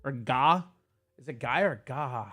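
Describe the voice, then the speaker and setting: A man hosting a casual livestream, ranting at his chat in a quick, profane and heated way. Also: medium pitch, a bit bright, no room sound, studio quality, soft background music. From Italian heritage. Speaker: streamer host.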